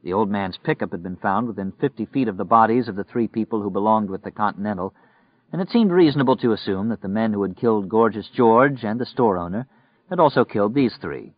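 A man reading a novel aloud in steady, measured scripted narration. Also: lowish voice, no echo. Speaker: audiobook narrator. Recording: dry, muffled recording.

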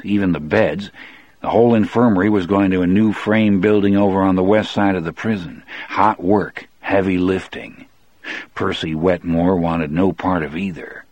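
Man, audiobook narrator, very low voice, measured first-person storytelling, dry close recording. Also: a little mellow, no echo.

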